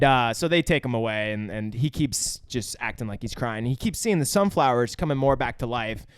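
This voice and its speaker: A man's voice: medium pitch, a bit bright, dry recording, studio quality. A young man co-hosting a podcast, recapping a movie in casual chat, swearing and acting out lines. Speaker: podcast co-host.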